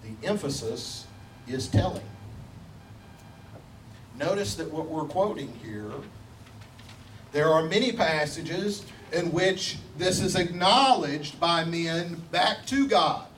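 High-voiced emphatic male preacher. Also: expressive, fairly bright tone, reverberant. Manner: emphatic, repeats key phrases, slows down to stress scripture quotes. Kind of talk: sermon. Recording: distant mic with faint background noise.

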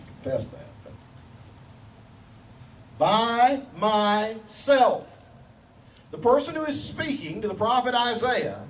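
A man preaching a sermon, emphatic and repetitive, slowing down to stress each scripture quote. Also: very high-pitched, reverberant. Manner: emphatic, repeats key phrases, slows down to stress scripture quotes. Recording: distant mic with faint background noise.

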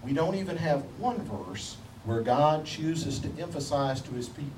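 A man preaching a sermon, emphatic and repetitive, slowing down to stress each scripture quote. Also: on the high side, lively intonation, a little mellow, roomy sound. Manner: emphatic, repeats key phrases, slows down to stress scripture quotes. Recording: distant mic with faint background noise.

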